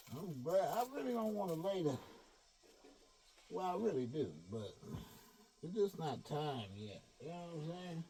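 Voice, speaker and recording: A man giving a preachy monologue to his followers, animated and full of slang, swinging from shouts to low mutters. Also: a little hiss or hum. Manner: streetwise slang with cursing. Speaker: online speaker addressing followers.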